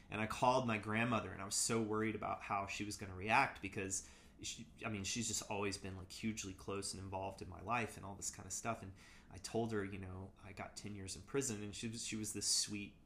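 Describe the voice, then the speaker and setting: Fairly low in pitch and a bit bright, this man is an interview guest recounting his past. His reflective, casual storytelling is hesitant, with frequent restarts and lots of "like" and "you know".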